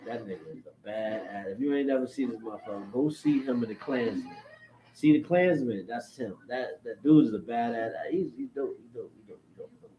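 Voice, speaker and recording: A vlogger speaking in a mid-range voice, slightly quick, rants casually to camera through lo-fi audio. He swears, repeats himself, and shifts topics with animated energy, in an echoey room carrying faint background noise.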